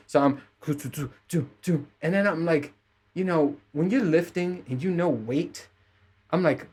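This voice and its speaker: A man's voice: mid-range voice, moderate pace, a little mellow, husky. A young man hosting a podcast, ranting in a casual, profane, self-mocking way as he tells a story. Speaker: podcast host.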